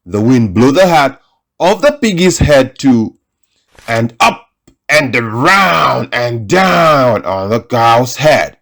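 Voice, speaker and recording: A man's voice: medium pitch, sing-song, takes it slowly, a little hiss or hum. A man reading a children's story aloud in a playful, sing-song manner, stretching out his words. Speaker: storybook reader.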